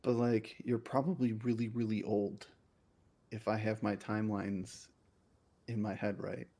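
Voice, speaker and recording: A man's voice: on the low side, level tone, measured pace, mellow. A man playing a tabletop game, talking casually and repeating words as he thinks. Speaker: player.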